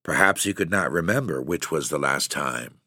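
A man reading a literary story aloud in a measured, steady narration. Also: very deep voice, no room sound, clean studio sound. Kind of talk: scripted audiobook narration.

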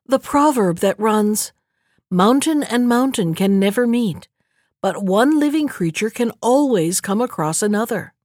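A woman's voice: expressive, a little slow, a little mellow, no echo, studio quality. A woman doing a begging wild duck. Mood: gentle. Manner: begging, high and urgent. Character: pleading mother wild duck.

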